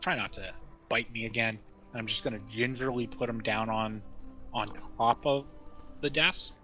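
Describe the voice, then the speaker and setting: A man's voice: mid-range voice, steady tone, normal speed, bright, forceful tone, faint music behind, low-quality recording. A man taking part as a player in a tabletop game, talking in a casual, exasperated way.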